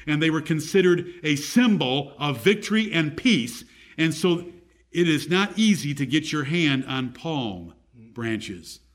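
The speaker is an American man giving a sermon that teaches the Bible, loudly declaiming scripture and asking the congregation questions. He speaks unhurriedly in a fairly high voice with lively intonation.

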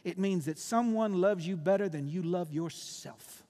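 A man preaches in a reverberant church hall. His voice sits high for a man, and he swings between loud, fiery bursts and hushed, intense moments. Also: normal speed. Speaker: pastor. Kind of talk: sermon.

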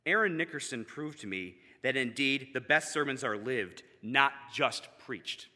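Man, memorial tribute speaker, very bright slightly high voice, animated, long hall reverb. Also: a little slow. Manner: animated, building to emphatic peaks. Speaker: seminary student giving a eulogy.

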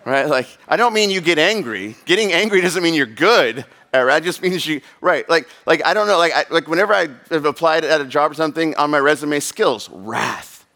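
A man's voice: on the high side, animated, brisk, hardly any pauses, bright, forceful tone. A man in his thirties preaching a sermon in a casual, rambling way, full of fillers and asides. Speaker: pastor.

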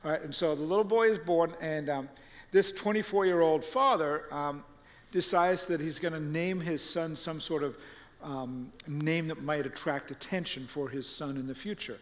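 A man preaching a sermon and retelling stories with lively quoted voices. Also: on the high side, normal speed, in a large hall. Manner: animated storytelling, acting out quoted voices. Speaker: pastor.

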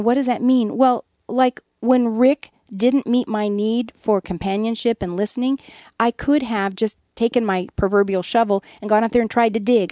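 A woman's voice: fairly high pitch, warm tone, no room sound, studio quality. A woman guest on a radio interview, telling a candid, earnest story about her own life and poking fun at herself. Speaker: guest, author.

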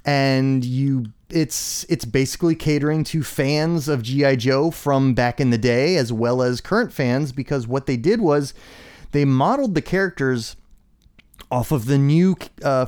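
A man's voice: medium pitch, darkish tone, clean tone. A man co-hosting a podcast, chatting casually and enthusiastically explaining fan trivia. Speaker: podcast co-host. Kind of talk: casual chat.

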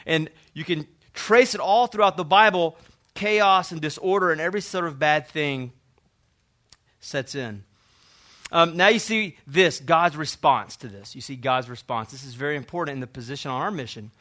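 Young male pastor, bright forceful tone, preaching that swells loud and drops to a hush. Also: fairly high pitch, moderate pace. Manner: preaching with swells of intensity, then drops to hushed tones. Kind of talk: sermon. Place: church hall.

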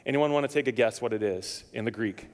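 Man, pastor, sermon, storytelling, mid pitch, church reverb. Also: fast talker. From lived in Nevada, now Indiana. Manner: storytelling, acts out dialogue, jokes with congregation.

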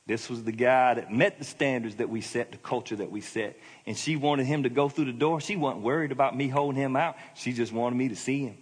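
A man's voice: mid-range voice, brisk, few pauses, husky. A middle-aged male pastor giving a sermon, in a conversational, emphatic preaching manner. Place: church hall. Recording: long hall reverb.

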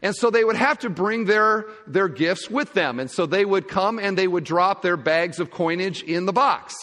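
A pastor giving a sermon, telling stories in a lively way and acting out the scenes. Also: male voice, high voice, normal speed. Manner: animated storytelling, acting out scenes. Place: large church hall. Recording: long reverb of a church hall.

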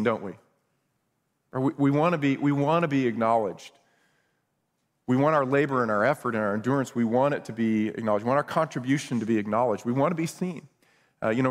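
A man preaching a sermon as pastor, earnest and conversational, often repeating words as he goes. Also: mid-range voice.

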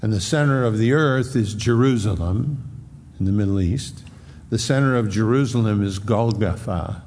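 A man preaching a sermon, earnest and measured, slowing down to read scripture aloud. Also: fairly low pitch, creaky, a little mellow, a little hiss or hum. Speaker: pastor. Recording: echoey hall, faint ambience.

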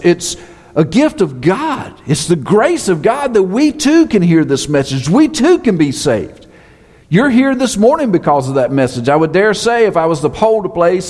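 A man preaching from the pulpit in a high, lively voice that rises and falls widely. He drives his points home with emphatic repetition, and a long reverb from the hall trails behind his words. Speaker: pastor. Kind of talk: sermon.

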